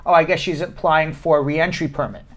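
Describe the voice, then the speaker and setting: A man hosting a live web show as an immigration lawyer, answering viewer questions quickly and with dry jokes. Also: a little high, fairly even intonation.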